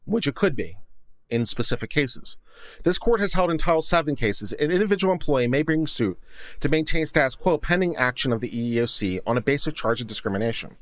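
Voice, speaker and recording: A man's voice: medium pitch, no echo. A man hosting a legal commentary show, reading a court opinion aloud and breaking in with thoughtful asides of his own. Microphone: studio condenser mic.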